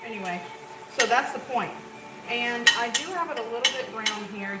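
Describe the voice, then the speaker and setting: In a casual cooking tutorial, a woman whose voice is on the high side speaks slowly with long pauses, rambling chattily to viewers as she cooks. The home kitchen echoes, she's off-mic, and the cooking is noisy.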